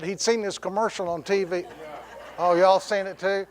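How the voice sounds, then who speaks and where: A man's voice: high-pitched, steady tone, moderate pace. A middle-aged man preaching a sermon in a church, telling stories with laughs and quoted voices. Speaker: pastor. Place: church sanctuary.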